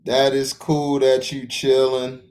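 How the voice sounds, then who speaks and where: A man hosting a casual sports livestream, breaking into loud shout-outs to his chat viewers. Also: medium pitch, completely flat delivery, slow pace. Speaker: sports talk livestream host.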